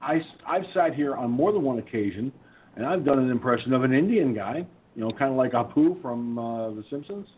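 A man with a medium-pitched, animated voice speaks a little fast while hosting an online talk radio show. He chats casually and tells stories about doing voices, talkative and chuckling at himself. The audio is tinny, like a phone line, with faint noise.

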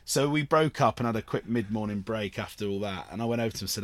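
A guest actor from Cornwall, England, speaks fast in a lowish voice on an interview show, telling long, rambling stories and laughing often. The recording has no room sound.

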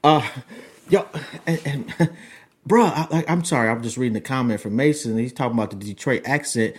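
A man's voice: mid-range voice, fairly quick, husky. A man hosting a casual radio interview, asking blunt questions and joking around. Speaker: podcast host.

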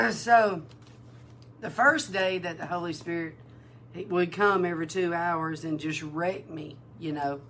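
A woman minister giving a sermon-style testimony, animated and emotional, acting out the dialogue in her story. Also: on the low side, takes it slowly, slight background noise. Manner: emotional, near tears. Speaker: prophetic minister.

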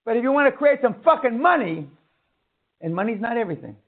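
A man's voice: very high voice, sing-song, fast. A man giving a seminar talk, blunt and foul-mouthed, ranting at his audience. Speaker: seminar speaker. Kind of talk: profane motivational lecture. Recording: tinny phone-like sound.

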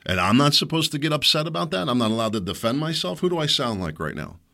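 A man's voice: medium pitch, big pitch swings, quick pace, gravelly, sharp tone. A middle-aged man hosting his own show, telling a story in an indignant, heated monologue. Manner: heated, indignant, mocks others in put-on voices. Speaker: show host. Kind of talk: ranting monologue.

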